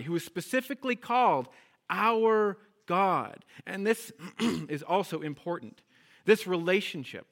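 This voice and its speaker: A man's voice: a little high, fairly bright tone. A man, a guest Hebrew teacher, leading a congregation through a lesson with call and response and checking in often with "okay?" and "right?".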